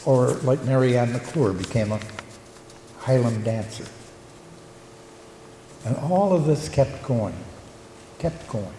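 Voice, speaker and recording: An older man, a local historian and retired teacher, gives a reflective conference talk, pausing with fillers as he tells stories. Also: mid-range voice, warm tone. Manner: reflective storyteller, halting with fillers. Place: conference hall. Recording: echoey hall, faint room noise.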